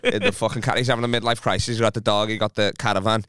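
A man's voice: fairly low pitch, level tone, racing, a bit bright. A young man with a Scouse accent telling sweary, rambling anecdotes. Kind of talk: casual banter.

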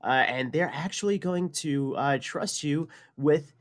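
Brief: male co-host, somewhat high-pitched, easygoing banter, dry close mic. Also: unhurried, dry recording. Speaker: podcast co-host. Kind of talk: casual banter.

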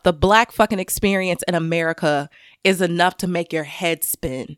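A woman giving an intense personal monologue to camera, swearing freely and swinging between loud anger and quiet grief. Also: lowish voice, moderate pace, smooth, no room sound, studio quality. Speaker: commentator speaking to camera.

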